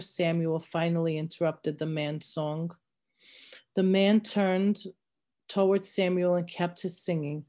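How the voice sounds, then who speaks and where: A woman with a fairly low voice reads a novel aloud. Her narration is steady and measured, carrying the story along evenly. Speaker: reader.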